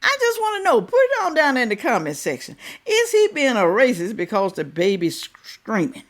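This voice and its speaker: Animated woman reacting, lively pitch. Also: moderate pace. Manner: animated, fires rhetorical questions at viewers. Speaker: reaction video host. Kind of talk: casual commentary.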